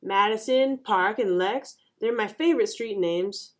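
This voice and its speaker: A loud, excitable little boy, voiced by a woman reading a picture book speaks with lots of energy. His voice is pitched up above the reader's own. He sounds like a child in a storybook classroom. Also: a little slow, lightly acted. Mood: eager. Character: loud, excitable young schoolboy.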